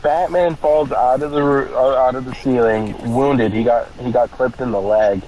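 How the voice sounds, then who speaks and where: A man's voice: mid-range voice, steady tone, moderate pace, dark tone, a little hiss or hum, poor audio. A man giving casual gaming commentary, rambling through a story with lots of swearing. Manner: rambling, swears a lot, frequent laughs.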